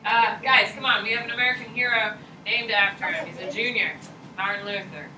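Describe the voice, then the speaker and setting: A woman teaching a high school history class, blunt and slangy, firing questions at her students. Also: steady tone, a little fast, background noise. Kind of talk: classroom lecture. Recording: echoey classroom, mic far off.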